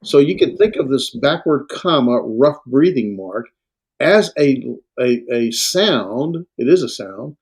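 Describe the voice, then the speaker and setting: A man lecturing on Greek to a class, halting and full of fillers and self-corrections. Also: medium pitch, expressive, a little mellow, husky. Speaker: Greek instructor.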